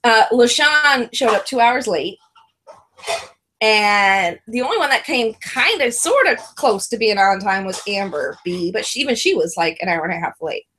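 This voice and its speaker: A woman's voice: normal speed, a little hiss or hum. A woman co-hosting a reality TV review show, chatting casually and rambling, laughing often and using lots of "like" and "um". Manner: mimics others in a high, excited voice when retelling. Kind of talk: casual chat.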